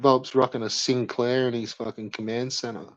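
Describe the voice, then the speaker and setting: A man's voice: medium pitch, level tone, moderate pace, dry recording. A young man doing live stream commentary, mocking a rival in profane banter with lots of laughter. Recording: dry, slightly dull lo-fi mic.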